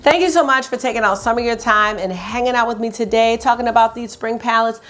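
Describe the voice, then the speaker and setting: A woman's voice: fairly high pitch, quick pace, fairly bright tone. A young adult woman chatting enthusiastically at home as she reviews makeup for her vlog. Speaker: beauty vlogger. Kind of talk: casual makeup review chat.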